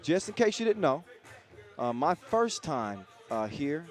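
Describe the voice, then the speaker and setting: A man's voice: a little high, big pitch swings, unhurried, faint music behind. A man giving live play-by-play commentary at an outdoor event, chatty and joking between plays. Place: outdoor event in a city square.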